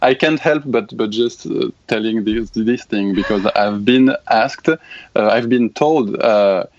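French-accented male co-host, low voice, good-humored and apologetic, slightly dull recording. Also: measured pace, dry recording. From France. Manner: apologetic, laughs often. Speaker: podcast co-host. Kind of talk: casual chat.

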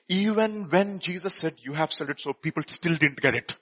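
A male preacher with a high, bright voice that has a husky edge. He delivers his sermon with animated swings from loud bursts down to hushed near-whispers, acting out the scripture as he reads. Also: normal speed.

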